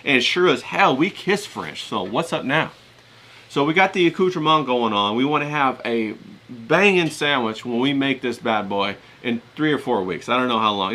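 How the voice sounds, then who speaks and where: With a medium-pitched, sharp-toned voice, this man hosts a casual livestream and rambles straight to his audience. He describes his Southern US accent as hillbilly.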